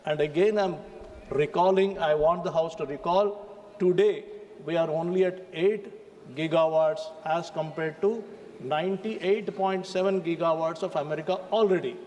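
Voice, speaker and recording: A man's voice: a little high, normal speed, mellow. A man with an Indian English accent giving a formal, emphatic speech in parliament, addressing the chair. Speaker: member of parliament. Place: large parliament chamber. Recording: reverberant chamber, faint ambience.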